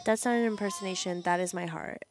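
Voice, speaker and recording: A woman's voice: mid-range voice, fast, a little hiss or hum. A young woman co-hosting a casual podcast with a cough, trading dry comebacks on a headset mic. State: has a cough. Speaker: podcast co-host. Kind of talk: casual chat.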